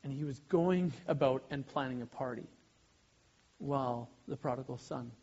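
A man in his thirties, a pastor giving a sermon, animated and often breaking off mid-sentence to act out little scenes. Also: medium pitch, moderate pace, husky, dull audio. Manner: animated, self-interrupting, acts out little scenes.

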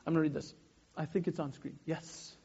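Guy pastor in his 30s preaching, kinda raspy, keeps restarting sentences, muffled recording. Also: on the high side, a little fast. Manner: animated, self-interrupting, acts out little scenes. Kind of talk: sermon.

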